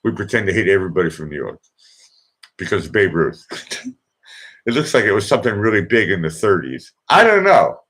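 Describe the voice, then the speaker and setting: A man with a Boston accent hosts his own livestream and chats in a loose, meandering way, cracking jokes and trailing off into "uh"s. His voice sits very low. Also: expressive, brisk, pauses often, fairly bright tone. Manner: chatty, joking, meandering with many fillers. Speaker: livestream host. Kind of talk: casual rambling monologue. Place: indoors in Vienna.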